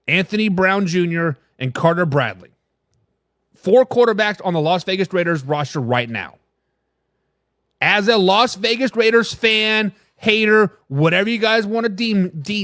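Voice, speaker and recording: A man with a high, twangy, somewhat bright voice hosts a live NFL talk stream in studio quality with no room sound. He comes across brash and opinionated, reading fan comments and talking straight back to chat.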